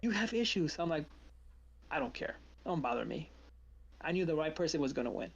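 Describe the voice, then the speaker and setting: A man's voice: on the high side, fairly quick, creaky, breathy edge, dull audio. A man hosting a live trading stream, chatting casually and telling stories with acted-out quotes. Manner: animated storyteller, acts out quotes.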